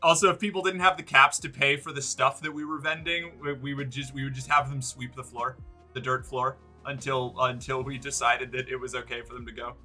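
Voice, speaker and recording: A man's voice: mid-range voice, little pitch movement, a little fast, pushed and bright, faint music behind. A man streaming live, chatting casually and rambling, often restarting and swearing. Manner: rambling, self-interrupting, swears.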